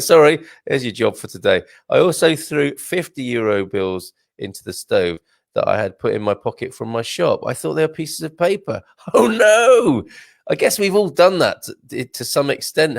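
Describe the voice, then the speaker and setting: A man's voice: medium pitch, gravelly, dry recording, studio quality. A man hosting a casual live stream, chatting in a rambling way, laughing often and restarting his sentences. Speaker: host reading viewer comments.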